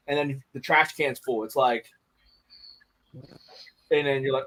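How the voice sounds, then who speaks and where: A man's voice: medium pitch, moderate pace, pauses often, a bit bright. Candid, swearing man telling stories. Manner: candid, profane, many restarts. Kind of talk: casual chat.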